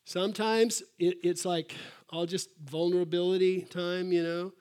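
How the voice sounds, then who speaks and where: A man preaching a sermon as pastor, animated, acting out quotes in a raised voice and dropping to soft asides. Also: sits high, measured pace, clear, resonant tone.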